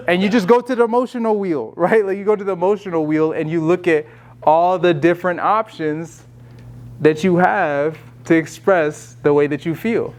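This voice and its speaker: A man with a slightly high voice gives a relaxed talk on handling emotions. He speaks casually and keeps restarting his sentences and adding fillers as he explains each point. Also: a little fast. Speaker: speaker leading a self-care session.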